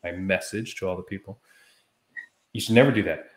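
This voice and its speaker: Guy on a podcast getting worked up telling a story, lowish voice, kinda echoey room. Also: a little fast. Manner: animated, heated storytelling. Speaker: podcast co-host. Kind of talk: casual chat.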